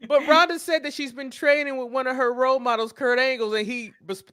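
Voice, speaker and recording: Man co-host, high and bright voice, halting casual chat, often repeats words. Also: steady tone, clean tone. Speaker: podcast co-host. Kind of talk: casual wrestling recap chat.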